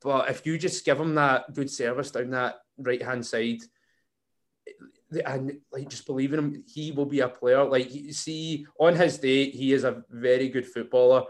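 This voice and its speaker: A man's voice: medium pitch, steady tone, moderate pace. Chatty man hosting a podcast. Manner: rambling, with frequent fillers and restarts. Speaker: podcast host. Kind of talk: casual football podcast chat.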